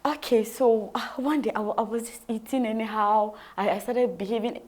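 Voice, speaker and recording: A woman's voice: on the high side, steady tone, fairly quick, darkish tone. A woman with a Ghanaian accent, an interview guest vividly telling her personal story and acting out the dialogue.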